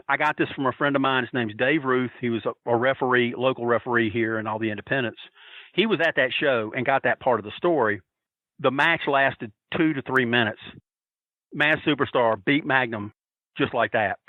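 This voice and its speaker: A man's voice: medium pitch, no room sound. A man telling stories in a casual podcast chat, acting out the quoted lines of the people in them. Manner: animated, acts out quoted voices. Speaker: podcast guest. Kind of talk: casual storytelling. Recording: tinny phone-line audio.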